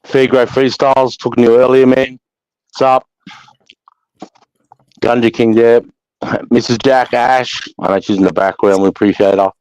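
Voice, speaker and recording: A man's voice: medium pitch, steady tone, normal speed, pauses often, smooth, dry recording, rough recording. Sweary Australian man hosting a livestream. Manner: sweary, matey shout-outs to chat. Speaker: livestream host. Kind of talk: casual livestream chat.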